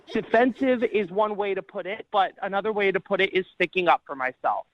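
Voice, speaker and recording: A man's voice: high-pitched, normal speed, no room sound. A man caller arguing over the phone, defensive and sarcastic. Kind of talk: heated phone argument. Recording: muffled phone line.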